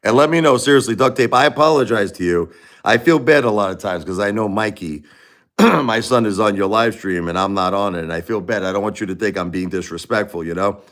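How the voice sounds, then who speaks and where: A man's voice: on the low side, brisk, a bit bright. A man in his forties with a Brooklyn New York accent, chatting casually and rambling on a live stream, full of "you know"s and restarts. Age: 40s.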